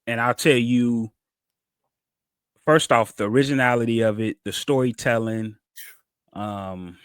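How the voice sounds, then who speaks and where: Guy, podcast co-host, mid pitch, dry close sound, lively storyteller. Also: measured pace, smooth, no echo. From Cincinnati, USA. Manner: animated storytelling, acts out quotes. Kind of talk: casual chat.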